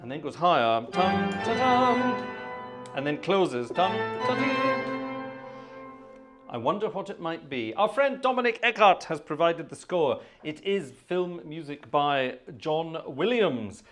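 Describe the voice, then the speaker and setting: A man's voice: on the high side, lively intonation, normal speed, hardly any pauses. Chatty man hosting an organ livestream. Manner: chatty, joking, rambling with many ums. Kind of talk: casual chat between pieces. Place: home with organ, family nearby.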